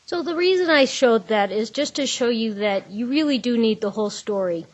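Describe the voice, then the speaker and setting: A woman's voice: on the high side, lively intonation, moderate pace, dry recording. A woman giving a conversational trauma-care lecture, explaining through patient scenarios in a plain, direct way. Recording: dull, dry lecture recording.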